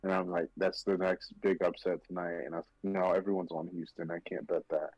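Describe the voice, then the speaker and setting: A man's voice: low-pitched, level tone, a little fast, darkish tone, dry recording, dull audio. A young man co-hosting a casual sports podcast, venting about losing bets with lots of swearing. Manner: frustrated venting, swears freely. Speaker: podcast co-host.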